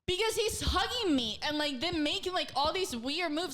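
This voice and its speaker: A woman's voice: high-pitched, moderate pace. A woman co-hosting a casual talk show, telling a story animatedly, full of "like" and swearing, acting out quotes in her own voice. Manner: animated, heavy use of "like", swears freely. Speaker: co-host.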